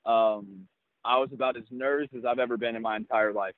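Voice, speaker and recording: A young man, a baseball prospect, telling his story in an interview in a halting way, with many restarts. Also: medium pitch, fairly even intonation, no room sound. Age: young adult. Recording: tinny phone-line sound, dry.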